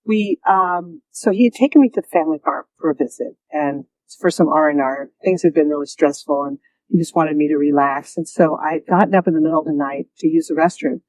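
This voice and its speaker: Animated woman telling a story. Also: sits low, fairly quick, dry recording, rough recording. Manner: animated, acts out quoted voices, laughs often. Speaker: interview guest. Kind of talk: storytelling in a conversational interview.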